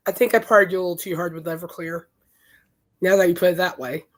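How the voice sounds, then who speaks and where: A woman podcast host, hoarse from singing, talking in a chatty, emphatic and indignant way. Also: lowish voice, steady tone, fast talker. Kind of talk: casual chat.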